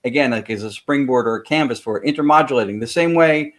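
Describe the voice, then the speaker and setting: A man's voice: mid-range voice, fast talker. A man speaking as a podcast guest, explaining technical ideas at length in casual chat, with frequent fillers and restarts.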